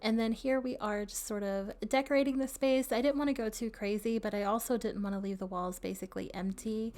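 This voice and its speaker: With a slightly high, darkish voice and fairly even intonation, a game builder talks a little fast through her build video voice-over. She has the hiccups, laughs a lot, and keeps up a casual, friendly stream of asides.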